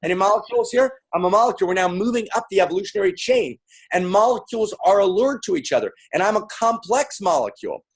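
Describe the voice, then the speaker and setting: Speaking fast in a high, husky voice with big pitch swings, a man gives a playful, interactive talk to a live audience. He calls out to the crowd and repeats lines.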